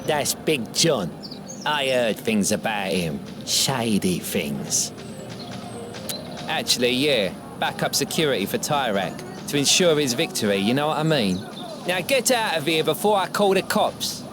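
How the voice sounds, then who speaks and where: Game role: an unfriendly diner worker, curt and dismissive, with game music underneath. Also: male voice, medium pitch, very animated, a little slow. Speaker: game character. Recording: game audio with music behind.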